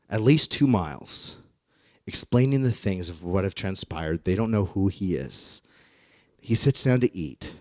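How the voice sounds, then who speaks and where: A man's voice: on the low side, a little mellow, no room sound, clean studio sound. A man preaching a sermon in a playful, joking storytelling way, acting out the quotes he reads. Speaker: pastor.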